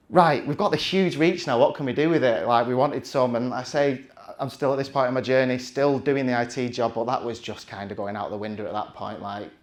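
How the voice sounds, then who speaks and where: A man, telling a chatty, self-mocking story from the stage with plenty of restarts. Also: medium pitch. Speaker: conference speaker.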